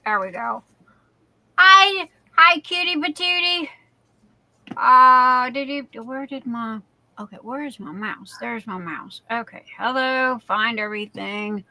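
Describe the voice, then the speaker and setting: A high, bright-toned woman hosts a relaxed live stream and takes her time, with fillers trailing between her words. Her sound is close and dry. She greets her viewers by name in a chatty, folksy way, full of playful catchphrases. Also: measured pace, no echo. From Louisiana, USA. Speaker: livestream host.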